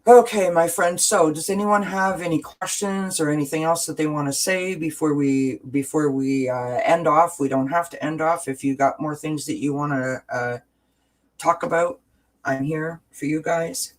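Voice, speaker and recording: A man's voice: fairly high pitch, fairly even intonation, moderate pace, a little hiss or hum, poor audio. A man hosting a wellness livestream, talking in an earnest, heartfelt, encouraging way and rambling with restarts, into a webcam. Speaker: wellness channel host. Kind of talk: casual livestream chat.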